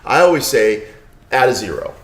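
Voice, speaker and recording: A man's voice: medium pitch, lively intonation, moderate pace, a bit bright. A middle-aged man being interviewed as a guest, chatting casually and telling anecdotes with frequent asides to his listener. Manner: storytelling with many "you know" and "right?" asides. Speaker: podcast guest, author and lawyer. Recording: roomy echo.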